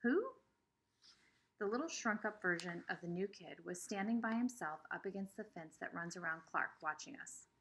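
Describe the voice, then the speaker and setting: A woman's voice: lowish voice, moderate pace, few pauses, slight background noise. A woman reading a children's novel aloud with expression. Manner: expressive, shifting between voices. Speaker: reader.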